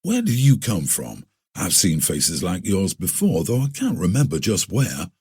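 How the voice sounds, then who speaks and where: Brief: male narrator as a weathered trail veteran, lowish husky voice, lively lilt. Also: unhurried, exaggerated voice. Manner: confiding, explanatory storytelling. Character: seasoned frontier man, knowing, wry.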